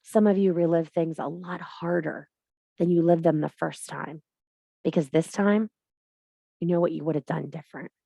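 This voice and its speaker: Woman, lower register, spiritual teacher type, blunt and preachy. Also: gravelly, no echo. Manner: blunt, emphatic, swears freely; preachy, addresses viewer directly. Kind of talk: spiritual monologue to camera.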